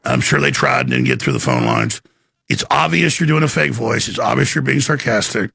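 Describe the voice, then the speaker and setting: A man hosting a live call-in talk show, animated, incredulous and pressing his caller. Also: mid-range voice, brisk, gravelly, husky, dry recording, studio quality.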